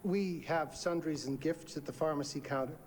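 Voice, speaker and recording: An actor playing a courteous, subtly sinister hotel owner in video game dialogue. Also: male voice, on the high side, normal speed, crowd noise, natural voice. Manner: polished, gracious. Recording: game audio under music.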